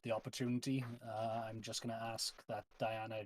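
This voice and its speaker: A man playing a tabletop game, speaking in a steady, matter-of-fact way. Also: fairly low pitch, fairly quick, slight background noise. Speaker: player. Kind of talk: casual tabletop play.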